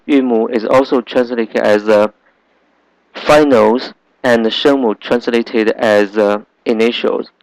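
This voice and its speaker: A man teaching a language lesson, patiently repeating sounds slowly for learners. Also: mid-range voice, no echo, low-quality recording. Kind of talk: slow classroom lesson.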